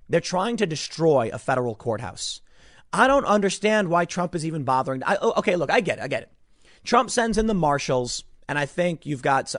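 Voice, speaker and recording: A man giving opinionated news commentary, animated and sarcastic, sometimes mocking others in put-on voices. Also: a little high, no echo, studio quality. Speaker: political commentator.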